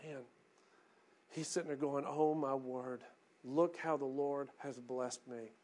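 A man preaching a sermon as pastor, going from hushed reflection to rising, emphatic calls. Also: mid-range voice, steady tone, slow pace.

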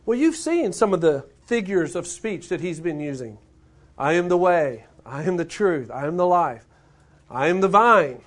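A man preaches to his congregation in a notably high voice. He reads scripture, then talks it through earnestly, often doubling back on his words. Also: very animated, moderate pace. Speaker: pastor. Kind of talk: sermon.

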